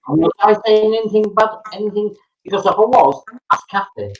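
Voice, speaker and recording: A man's voice: high-pitched, brisk, muffled recording. A man arguing heatedly on a livestream, repeating himself and swearing. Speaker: livestream chat member. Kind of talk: heated argument.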